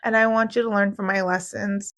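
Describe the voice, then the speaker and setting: A woman's voice: medium pitch, level tone, brisk, fairly bright tone. A woman in her forties hosting a heartfelt solo podcast, earnest and emotional, talking to listeners with lots of "like" and "y'all". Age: 40s. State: tearful at times. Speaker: podcast host and coach.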